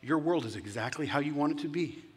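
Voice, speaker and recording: Man voicing a sarcastic, flattering phone. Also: fairly high pitch, quick pace, in a large hall, natural voice. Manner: sarcastic, coaxing. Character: sarcastic smartphone speaking as a flattering voice.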